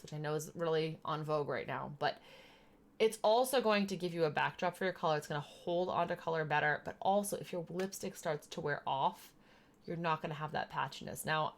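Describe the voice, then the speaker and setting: A woman chatting casually while she does her makeup, explaining each step as she goes. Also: lowish voice. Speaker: streamer doing makeup. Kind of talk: casual makeup tutorial chat.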